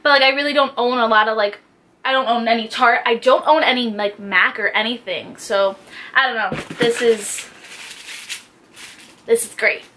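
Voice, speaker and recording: A young woman beauty vlogger chats excitedly about makeup, gushing and piling on filler words. Her voice sits a little high and sounds bright and sharp. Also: normal speed, a little hiss or hum. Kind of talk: casual unboxing chat.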